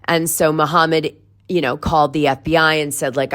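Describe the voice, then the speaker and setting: Low-voiced woman podcast host. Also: steady tone, brisk, a bit bright. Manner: conversational, explains step by step with fillers. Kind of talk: solo gossip podcast monologue.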